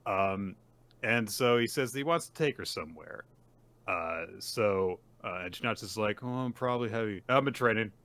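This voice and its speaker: A man with a low but bright, forward voice talks through a manga chapter on a podcast. He retells the scenes loosely, with lots of fillers, and slips into character lines as he goes. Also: normal speed. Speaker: podcast co-host. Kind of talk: casual chat recapping a manga chapter.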